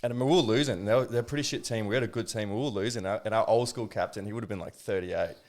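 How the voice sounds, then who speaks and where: A young Australian man hosting a podcast, telling lively stories in casual chat, swearing and laughing often. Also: fairly low pitch, rapid-fire. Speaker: podcast host.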